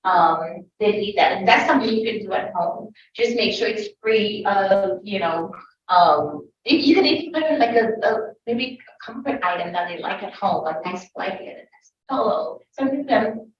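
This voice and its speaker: A woman's voice: medium pitch, animated, moderate pace. A woman toddler teacher on a panel, giving firm, direct advice and repeating her points. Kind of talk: panel discussion answers. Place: school event room. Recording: echoey room from far off, dull lo-fi, faint hiss.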